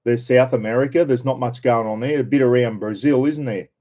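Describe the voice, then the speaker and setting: A man's voice: mid-range voice, brisk, mellow. An older Australian man hosting a casual live stream, chatting and greeting viewers by name.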